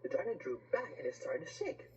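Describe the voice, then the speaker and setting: A woman reads a rhyming picture book aloud, her voice swooping wildly up and down. She pauses for little asides to the listener, over a faint background hum. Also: sits low, big pitch swings, darkish tone, dull audio.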